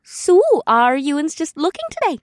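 A man's voice: very high-pitched, big pitch swings, moderate pace, dry recording, studio quality, voice pushed up. A man voicing a middle-aged female furniture saleswoman with a Midwestern twang, friendly on the surface but judgmental and wavering. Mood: polite, guarded. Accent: Midwestern American twang.

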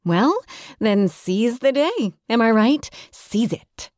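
A woman's voice: a little high, slow pace, no room sound, studio quality, pitched above the performer's own voice. Woman putting on a gushing bubbly contestant. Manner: gushing, excitable. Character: bubbly food-loving young woman contestant.

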